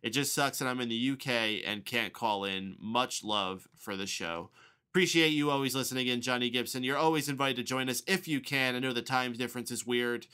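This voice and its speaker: A man's voice: mid-range voice, fairly quick, clean tone. A man hosting a live call-in wrestling podcast, reading out listener comments and welcoming callers in an upbeat way. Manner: upbeat, reads listener comments and shout-outs. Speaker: podcast host.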